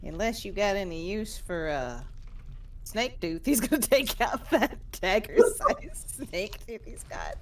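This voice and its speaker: A woman's voice: medium pitch, sing-song, a little slow, far from the mic, a little hiss or hum. A woman player in a tabletop game, describing her character's actions playfully.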